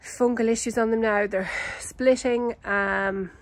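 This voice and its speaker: An Irish woman giving a casual, unhurried walkthrough of her vegetable garden outdoors, chatty and full of ums and self-corrections. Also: a little high, steady tone, poor audio. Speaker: home gardener and channel host.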